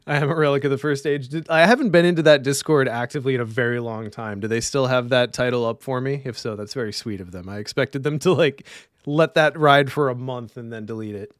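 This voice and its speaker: A man's voice: mid-range voice, fairly quick, no room sound, clean studio sound. A man streaming a solo card game, reading rules under his breath and chatting with viewers. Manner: mutters rules half to himself, chats with viewers. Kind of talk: casual live-stream commentary.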